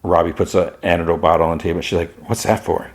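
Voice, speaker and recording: A man's voice: sits low, flat delivery, fast. A man hosting a podcast, casually retelling the scenes of an episode and quoting the characters along the way. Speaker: podcast host.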